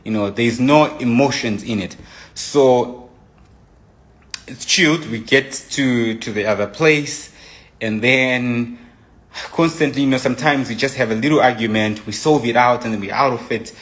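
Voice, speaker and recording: Telling his version of a breakup as a guest, a young man speaks at normal speed in a medium-pitched, fairly bright voice. He's casual and rambling, restarting often and wandering into asides.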